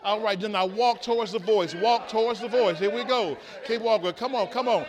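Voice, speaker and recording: Male pastor, high voice, call-and-response preaching that swings from soft to loud. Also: moderate pace, hardly any pauses. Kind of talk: sermon with a live illustration.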